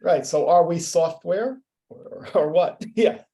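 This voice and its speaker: A man with a slightly higher, mellow voice who adds light, joking asides. He speaks casually on a group video call. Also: slow pace. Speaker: study group participant.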